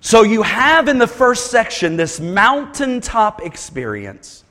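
A man preaching a sermon in a high, expressive voice that climbs and dips widely. He moves from hushed asides to loud emphatic bursts and restarts phrases as he goes. The sound carries a long hall reverb, as in a church sanctuary. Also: slow. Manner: animated preaching, swings from quiet asides to loud shouted lines. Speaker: pastor.

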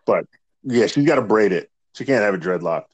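A man co-hosting a casual podcast, telling stories in a profane, animated way. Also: fairly low pitch, fairly quick, husky, no echo. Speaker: podcast co-host. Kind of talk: casual chat.

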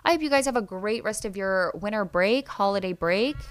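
A woman's voice: mid-range voice, expressive, brisk. A young woman hosts a solo podcast and recaps reality TV episodes. She is chatty and opinionated and keeps calling her listeners guys. Her voice sits at a middle height. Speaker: podcast host.

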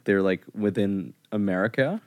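A man's voice: fairly low pitch, moderate pace, no echo. A man co-hosting a podcast in casual chat, playful and laughing often. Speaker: podcast co-host.

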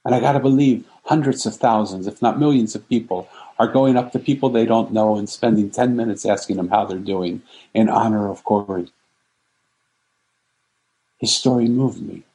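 A man's voice: fairly low pitch, moderate pace, mellow, low-quality recording. A man telling an inspirational story in an earnest, emphatic way, stacking repeated phrases. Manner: earnest, repetitive, emphatic lists. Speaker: speaker.

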